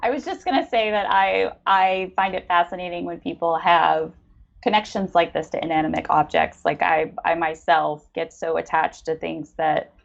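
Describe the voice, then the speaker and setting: A woman's voice: fairly low pitch, fairly even intonation, normal speed, vocal fry, lo-fi sound. A woman co-hosting, talking enthusiastically and in a rambling way. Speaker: co-host. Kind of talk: casual chat.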